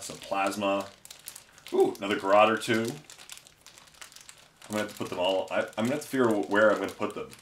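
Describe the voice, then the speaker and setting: A low-voiced man in a casual unboxing vlog, so moved he is close to tears. He stumbles and restarts as he gushes. His voice rings in an echoey room. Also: a bit bright, a little hiss or hum. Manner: emotional, effusive and halting, with many restarts. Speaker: miniature wargaming channel host.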